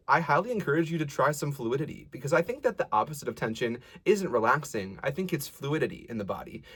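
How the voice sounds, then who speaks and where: A man giving a casual, encouraging singing lesson, explaining technique and breaking off to demonstrate sounds and sung lines. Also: a little high. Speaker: voice teacher.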